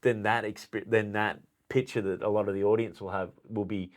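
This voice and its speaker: A man's voice: on the low side, fairly even intonation, fairly quick, hardly any pauses. A man hosting a casual podcast, talking in a loose, rambling way with frequent restarts. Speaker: podcast host. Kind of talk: casual chat.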